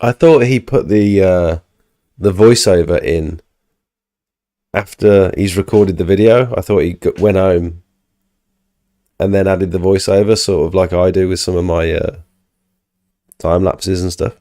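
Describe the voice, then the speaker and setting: Deep, mellow-voiced man reacting on stream. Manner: laid-back, chatty, quick to laugh. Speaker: live streamer. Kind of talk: casual live-stream reaction.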